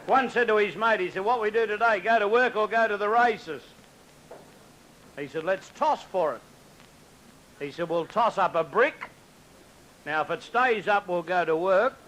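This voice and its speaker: Australian guy doing stand-up, slow pace, cracks up at his own jokes, faint noise in the room. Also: high voice. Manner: laughs at his own jokes, loud shouted punchlines. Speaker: stand-up comedian. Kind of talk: live stand-up joke telling.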